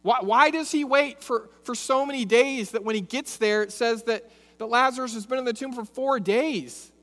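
A man's voice: very high-pitched, normal speed, a bit bright. A man preaching a sermon. He reads scripture aloud, then talks it through expressively, asking rhetorical questions and repeating phrases. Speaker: pastor. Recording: long hall reverb.

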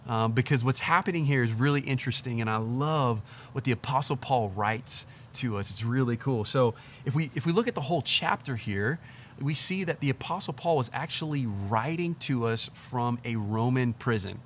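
A young man preaching in a relaxed, conversational way, animated and chatty as if talking with friends. His voice sits at an ordinary middle pitch. Faint crickets and insects chirp quietly behind him. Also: normal speed, slight background noise. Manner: animated, chatty, says "like" and "literally" often. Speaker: pastor. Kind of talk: casual conversational sermon.

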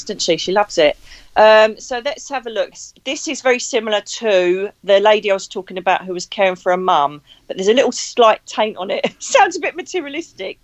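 A woman, a psychic medium, chatting with animated energy and laughing often as she tells stories. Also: medium pitch, no echo. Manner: expressive storyteller, acts out quotes, laughs often. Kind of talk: animated casual chat.

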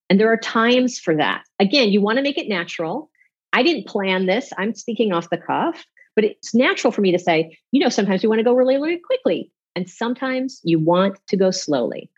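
A woman speaking as a public speaking coach in an off-the-cuff interview, animated and demonstrating with her voice. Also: medium pitch, lo-fi sound.

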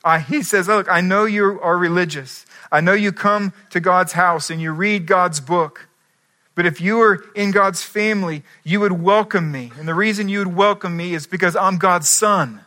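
A man preaching a sermon as pastor, earnest, moving between quiet asides and emphatic climaxes. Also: sits high, moderate pace.

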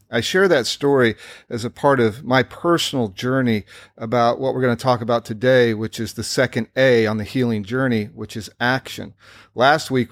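A man's voice: medium pitch, dry recording. A man hosting his own podcast, telling a candid personal story in an earnest, reflective way. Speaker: podcast host.

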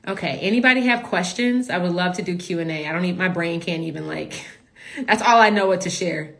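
A woman business coach in a casual live stream, talking emotionally to her followers, repeating herself and filling pauses with "like". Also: lowish voice, gravelly, fairly bright tone, reverberant. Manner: emotional, repetitive, full of filler "like".

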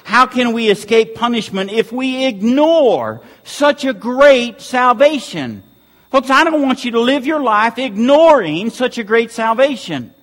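Man, pastor, high voice, pleading sermon, church reverb. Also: expressive, a little slow, a bit bright. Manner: pleading, repeating rhetorical questions. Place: church sanctuary. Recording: long hall reverb.

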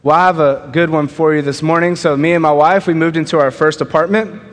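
A young man preaching a sermon, telling a personal story and acting out the quoted lines with lively changes of pitch and pace. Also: brisk. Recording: long reverb of a large hall.

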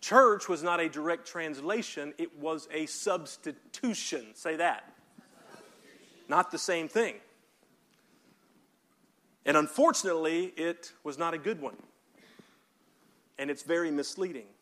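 A man preaches to his congregation in a voice pitched high for a man. He hammers his points with emphasis and has the room say key words back to him. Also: measured pace, pauses often, a bit bright. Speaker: pastor. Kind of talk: sermon.

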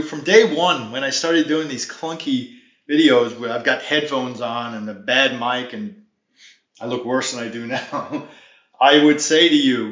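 A man's voice: mid-range voice, a bit bright, reverberant, highs cut off. A man giving an informal video lesson on debt defense, emphatic and folksy, often wandering off on tangents.

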